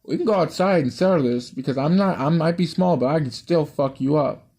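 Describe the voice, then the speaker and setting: A man's voice: fairly high pitch, fairly quick, vocal fry, a little mellow, breathy edge. A man voicing a small, brash young woman who taunts and swears, in an amateur story reading. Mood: defiant. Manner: crude, taunting.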